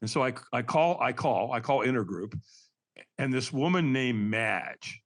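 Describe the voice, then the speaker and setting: An older man, a podcast guest, telling a personal story in a candid, earnest way and acting out old conversations with lively energy. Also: medium pitch, unhurried. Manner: animated, acts out remembered dialogue.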